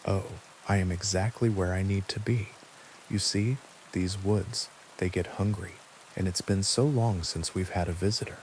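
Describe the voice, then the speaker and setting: A man voicing a friendly but sinister stranger in the woods, mild and smiling, with quiet menace in a spooky story. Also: sits low, steady tone, moderate pace, slight background noise, rough recording. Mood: ominous.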